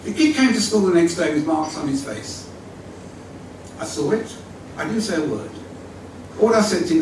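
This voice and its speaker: An older man tells a story to a gathered audience, his high voice rising and falling in lively swings. He sounds distant and echoes strongly off a large hall, with a faint murmur of room sound behind him. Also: normal speed, long pauses, a little hiss or hum. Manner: vivid storytelling with acted-out quotes, lively. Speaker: speaker at a community evening, former school leader. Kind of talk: storytelling talk. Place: large hall at an evening event.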